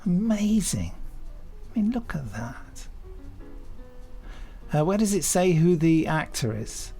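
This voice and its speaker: A man's voice: high voice, very animated, slow pace, warm tone, faint music behind. An English man co-hosting a podcast in casual chat, gushing and laughing often. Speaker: podcast co-host.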